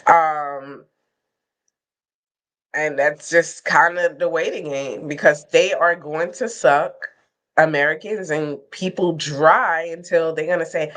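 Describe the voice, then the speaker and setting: Low-voiced woman telling stories. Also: bright, forceful tone. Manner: storytelling, laughs often, slow drawn-out phrasing. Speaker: podcast co-host. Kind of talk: casual chat.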